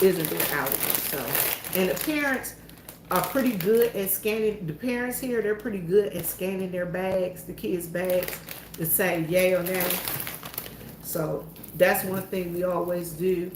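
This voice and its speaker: A Southern woman with a lowish voice, a church worker who vlogs, chats to her viewers in a folksy storytelling way while alone in an empty church. The room is echoey, with background noise.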